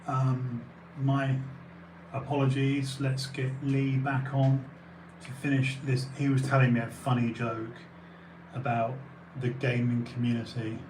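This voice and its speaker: A man's voice: mid-range voice, little pitch movement, unhurried. An English man hosting a live-streamed talk show, speaking candidly, swearing casually and repeating phrases for emphasis. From England. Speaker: podcast host. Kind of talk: casual conversational interview. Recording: echoey room with faint noise.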